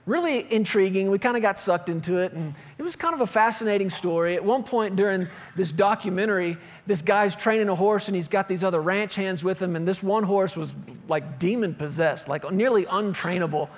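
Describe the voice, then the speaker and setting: A man's voice: high-pitched, brisk, few pauses, in a large hall. A male pastor preaching a sermon, telling a personal story with laughter, then reading and explaining scripture.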